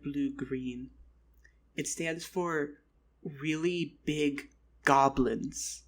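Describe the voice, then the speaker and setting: A man telling a rambling comic story, repeating himself and swearing casually. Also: a little high. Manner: rambling, repetitive, profane. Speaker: vlogger.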